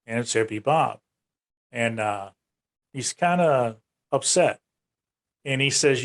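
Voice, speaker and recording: A man of middle pitch being interviewed on a podcast, telling a personal story in an easygoing, chatty way. He talks in long unbroken runs and jumps his voice upward whenever he acts out what someone else said. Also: lively intonation, unhurried, vocal fry, pauses often. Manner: retells events in long runs, raising his pitch to act out quoted speech. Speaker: UFO research organization director, guest.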